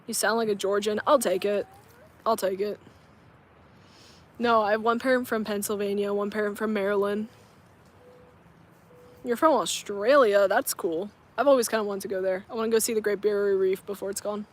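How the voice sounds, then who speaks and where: A woman's voice: mid-range voice, fairly even intonation, moderate pace, long pauses. A woman in her twenties from coastal North Carolina, chatting casually with her viewers on a phone camera while outdoors, laughing often as she answers their comments. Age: 20s. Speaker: vlogger. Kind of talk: casual livestream chat. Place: outdoors, parking lot and grassy area.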